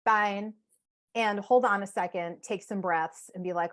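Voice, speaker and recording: Animated woman acting out inner voices. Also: medium pitch, a little slow. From United States. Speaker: psychotherapist guest. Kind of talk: casual podcast conversation.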